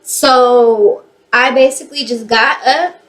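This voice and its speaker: A young woman from the Bay Area telling a personal story in a casual, animated way, swearing freely. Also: fairly high pitch, takes it slowly. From San Francisco Bay Area. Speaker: vlogger.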